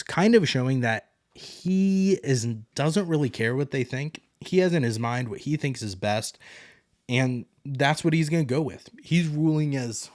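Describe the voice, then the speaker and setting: A man's voice: medium pitch, dry recording, studio quality. A man hosting a solo podcast, recapping a TV episode in a casual, rambling way. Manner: casual, rambling, paraphrases characters in loose quotes. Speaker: podcast host.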